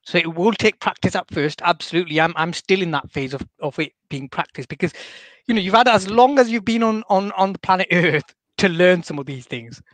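Guy guest on a chat, kinda higher voice, lots of um and kind of, dry sound. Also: animated, fairly quick, fairly bright tone, dry recording. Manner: rambling, full of fillers and restarts. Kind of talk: conversational interview.

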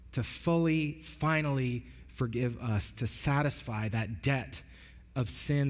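A man's voice: mid-range voice, a little mellow. A man preaching a sermon as pastor, earnest and emphatic, often restarting his phrases. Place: church sanctuary. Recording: long hall reverb.

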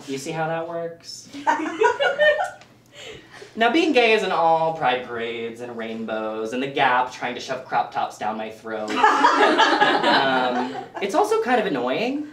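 A man performing a self-deprecating stand-up set with deadpan asides for a small audience in a living room. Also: mid-range voice, a little slow, roomy sound, far from the mic, slight background noise. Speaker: stand-up comic.

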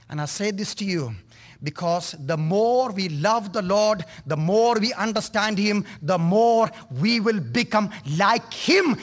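Man, high voice, impassioned preacher, church sermon. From India. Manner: impassioned, rising to fervent cries.

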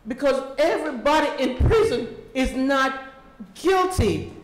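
A woman's voice: high voice, animated, measured pace. A woman gives an emotional personal testimony as a mother and volunteer, pleading with her listeners and pushing her voice up as she goes. The room is large and echoey, with faint noise behind her.

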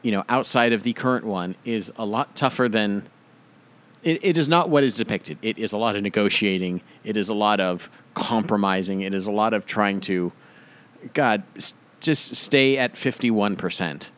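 A man's voice: lowish voice, moderate pace, a bit bright. A man co-hosting a comedy podcast in casual chat, riffing wryly with asides. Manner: wry, riffing, trailing off into asides. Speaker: podcast co-host.

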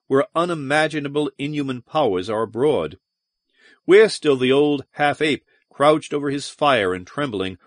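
A man's voice: mid-range voice, no echo, clean studio sound, close to an everyday voice. A man reading as a sardonic spacer. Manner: mocking, sullen, then brooding and dramatic. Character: jaded, sardonic male spacer, haunted. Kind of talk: audiobook character reading.

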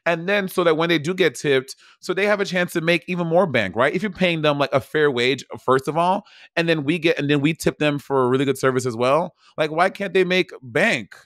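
A man's voice: a little high, a little fast, a bit bright, no echo, clean studio sound. A man co-hosting a podcast in loose, joking casual chat. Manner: loose, joking, full of fillers and restarts. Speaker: podcast co-host.

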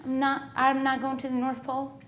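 A woman playing a squeaky ditzy singer. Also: monotone, a little fast, fairly bright tone, a little hiss or hum. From North Carolina. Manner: rambling, naive, stammering.

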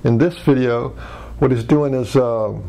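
A man's voice: medium pitch, a little slow, creaky, warm tone. A man presenting a healing workshop lesson, talking in a rambling way with many restarts and fillers. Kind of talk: teaching commentary.

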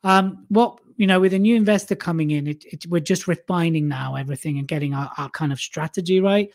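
A man's voice: a little high, brisk. A man guesting on an interview, a public speaking coach who talks chattily, mocks himself and laughs often. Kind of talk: casual interview chat.

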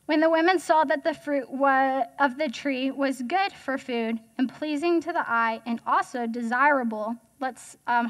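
A young woman giving a casual, chatty sermon as guest speaker, joking and asking the audience questions. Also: high-pitched.

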